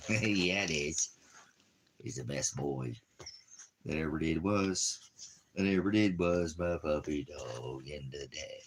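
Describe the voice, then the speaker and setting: A man's voice: very deep voice, slow pace, long pauses, a little hiss or hum. A man on a casual live stream, talking to his puppy in rambling, playful, affectionate baby talk.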